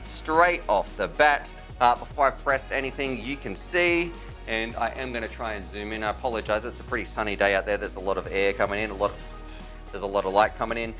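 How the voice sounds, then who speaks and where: A man's voice: on the low side, a little fast, pushed and bright, faint music behind. A man hosting a casual product review, chatty and enthusiastic with informal slang. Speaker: tech reviewer and channel host.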